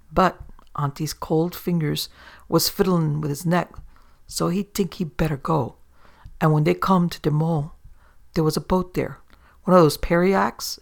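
A man narrating an old sailor's yarn aloud in a steady storytelling manner. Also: on the high side, gravelly.

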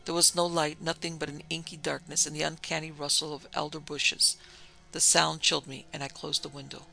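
A man narrating a gothic story in a measured, somber reading. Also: a little high, level tone, gravelly, pushed and bright, poor audio.

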